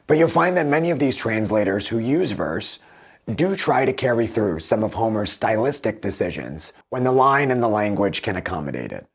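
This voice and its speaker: A man giving measured, analytical commentary as a book reviewer, comparing translations with animated emphasis. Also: on the low side, husky.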